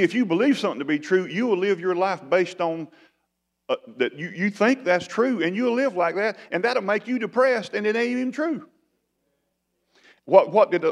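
A man preaching a sermon as pastor, with folksy, animated delivery. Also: high-pitched. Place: church sanctuary. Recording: long church reverb.

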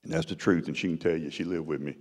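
A middle-aged man preaching a testimony, dramatic and storytelling, his voice swinging from loud to hushed. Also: rumbling low, steady tone, fast. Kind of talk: sermon testimony. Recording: long hall reverb.

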